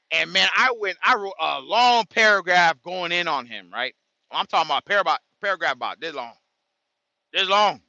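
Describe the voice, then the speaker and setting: Animated trucker man telling a story. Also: medium pitch, no echo, highs cut off. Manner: animated, emphatic retelling with acted quotes. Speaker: truck driver content creator. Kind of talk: casual livestream storytelling.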